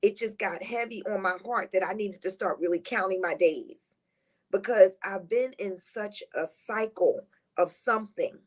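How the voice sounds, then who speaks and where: A middle-aged woman who is a guest on a talk show. She tells heartfelt, rambling personal stories in a lively, positive, high-energy way. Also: normal speed. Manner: rambling, heartfelt storytelling with restarts. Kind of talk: casual conversational interview.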